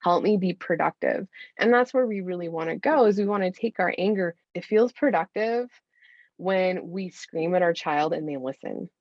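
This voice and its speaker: A woman in her thirties speaks as a podcast guest, earnest and encouraging, addressing listeners directly. Her voice sits a little low. The recording is dry and somewhat dull. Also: expressive, normal speed, no echo. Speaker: podcast guest, anger coach for mothers. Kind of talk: casual podcast interview.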